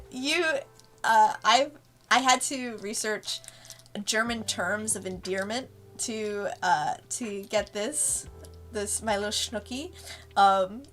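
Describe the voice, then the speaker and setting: A webcomic creator gives a casual, rambling director's commentary on a stream, often laughing between thoughts. Her voice is mid-range and a bit bright.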